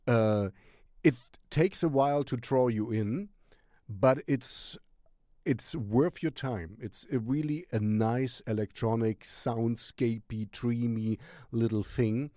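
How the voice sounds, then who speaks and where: Slow, mellow man with a German accent. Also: mid-range voice, dry recording, clean studio sound. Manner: rambling, searching for words. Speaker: music channel host. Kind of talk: casual music recommendation vlog.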